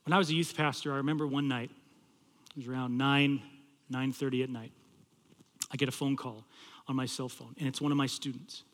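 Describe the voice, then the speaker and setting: A man preaching a sermon as a campus pastor, telling a story and swinging between loud pleading and hushed, low passages. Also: fairly even intonation, fairly quick, long pauses, long reverb tail.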